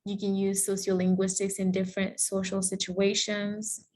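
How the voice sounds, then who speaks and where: A woman's voice: medium pitch, monotone, normal speed, a little mellow. Woman from Cameroon giving a lecture. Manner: friendly explanatory tone, with some fillers and self-corrections. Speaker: guest lecturer. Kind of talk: online presentation with Q&A. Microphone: video call.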